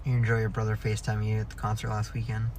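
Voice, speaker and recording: A man's voice: lowish voice, monotone, very fast, very noisy. A man chatting as a podcast guest in a parked car, laid-back and dry, telling stories. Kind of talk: casual chat.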